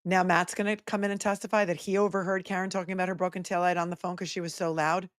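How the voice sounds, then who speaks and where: A woman attorney hosting live trial commentary, reacting with sarcastic, animated asides. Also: on the low side, fast, no echo, clean studio sound.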